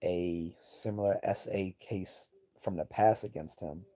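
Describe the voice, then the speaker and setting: A man's voice: sits low, steady tone, unhurried, mellow. A man hosting a livestream, giving blunt, profane, rambling commentary and reading chat messages aloud. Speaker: livestream host.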